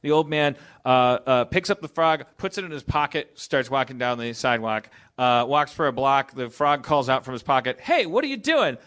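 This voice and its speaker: A man's voice: mid-range voice, fairly even intonation, normal speed, few pauses, a bit bright, clear, resonant tone. A man hosting a live comedy podcast, rambling and stumbling through a joke with restarts and laughs. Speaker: podcast host. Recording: live stage show with audience.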